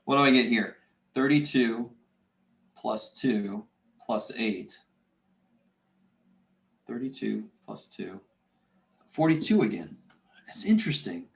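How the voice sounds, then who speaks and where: A man's voice: medium pitch, animated, slow, gravelly, pauses often, reverberant. A man teaching a math lecture, talking himself through the arithmetic and muttering curses under his breath. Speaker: math instructor. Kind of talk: recorded classroom lecture.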